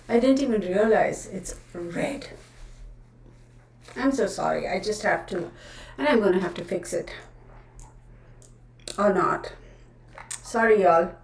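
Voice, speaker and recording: A woman's voice: mid-range voice, lively intonation, takes it slowly, pauses often. A woman hosting a casual livestream, chatty and scattered, often laughing at herself. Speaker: tarot livestream host. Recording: roomy, distant camera audio.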